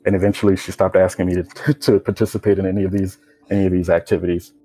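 A young American man tells his own story as personal testimony, his low, steady voice barely rising or falling. His tone is dark and mellow with a husky edge, and he speaks reflectively and unhurriedly with plenty of casual fillers. Faint music plays behind him, and the recording is low quality.

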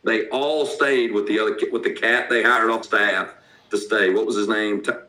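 Deep-voiced Southern man talking football. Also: normal speed, reverberant, low-quality recording. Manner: blunt, animated, salty banter. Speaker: podcast co-host. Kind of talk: casual sports chat.

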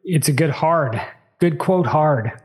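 Brief: male podcast co-host, slightly raspy, chatty trivia banter. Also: fairly high pitch, animated, slow pace. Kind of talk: casual chat, movie trivia game.

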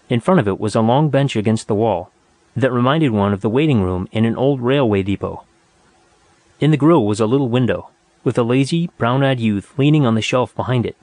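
Man reading a story, steady and dry. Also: medium pitch, no room sound. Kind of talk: audiobook narration.

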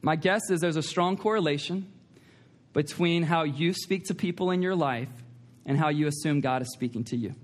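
High-voiced man preaching a sermon. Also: moderate pace. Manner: emphatic, repeats key lines, asks the congregation questions. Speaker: pastor. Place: church sanctuary.

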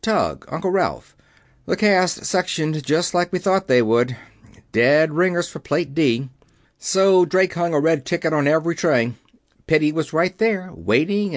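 A man's voice: on the high side, dry recording, clean studio sound. A man voicing a hot-tempered, swearing young factory inspector in an audiobook. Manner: angry, swearing. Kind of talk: audiobook character voice.

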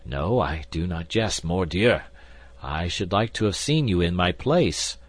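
Wry, unbothered musketeer, low and husky, as a male reader plays him. Audiobook reading. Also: a little slow, no room sound. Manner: calm, drawling and wry. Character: coolly indifferent older male musketeer, wry gambler.

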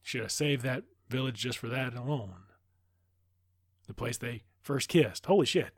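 A man loosely retelling a film plot in a casual, profane ramble. His voice sits at an ordinary middle pitch. The sound is dry and close, with no room around it. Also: a little slow, vocal fry, slightly rough, no room sound. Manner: loose, rambling, swears freely. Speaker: movie recap host. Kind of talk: casual profane movie recap.

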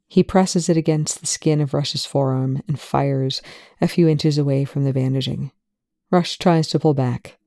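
A storyteller narrates at an even, measured pace. The voice is dark and mellow with a gravelly texture, recorded close in a dry space. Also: mid-range voice, no echo. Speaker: audiobook reader. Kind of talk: reading fan fiction aloud.

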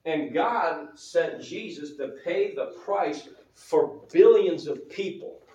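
A man's voice: fairly high pitch, animated, slow, a little mellow. Man preaching in a roomy church. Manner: conversational preaching, asks the congregation questions. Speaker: pastor. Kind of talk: sermon. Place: church sanctuary. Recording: roomy church hall, mic at a distance.

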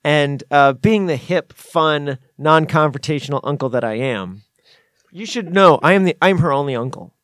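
A man's voice: fairly high pitch, lively intonation, normal speed, a bit bright, no echo, clean studio sound. Playful rambling man on a podcast. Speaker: podcast co-host. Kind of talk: casual chat.

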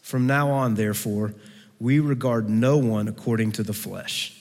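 A man preaching a sermon to a campus gathering, swinging between fervent raised passages and hushed, pleading ones. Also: on the low side, fairly even intonation, moderate pace. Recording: long hall reverb.

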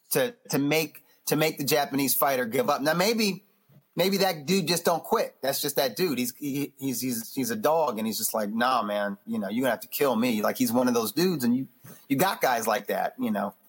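A man who is a boxing magazine editor, chatting loosely as a podcast guest, animated and full of restarts. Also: medium pitch. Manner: animated, loose, acts out quotes; frequent restarts and fillers. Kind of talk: casual interview chat.

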